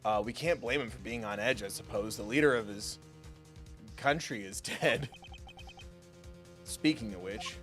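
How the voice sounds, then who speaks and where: A man voicing a composed adult male prosecutor in a measured, dry delivery. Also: lowish voice, fairly bright tone, soft background music.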